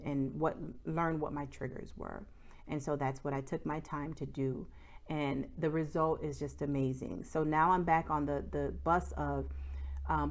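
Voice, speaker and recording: A woman's voice: low-pitched, a little mellow. A young woman talking candidly to camera about her small business, with lots of "like" and "y'all". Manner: candid, chatty, says "y'all" and "like" a lot. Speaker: small business owner and vlogger. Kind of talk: casual chat to camera.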